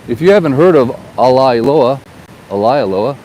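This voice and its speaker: Brisk and animated, a real estate agent rambles and chats through a casual seaside vlog, repeating words as he goes. His mid-range voice is mellow, though the audio, shot on a gimbal-mounted handheld camera amid ocean waves and wind, is poor.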